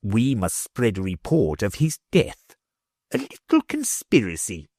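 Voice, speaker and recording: A man's voice: fairly low pitch, huge pitch swings, measured pace, darkish tone, no room sound, studio quality, heavily acted. A man voicing a scheming, uneasy middle-aged ruler who plots a conspiracy. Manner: sly and uneasy.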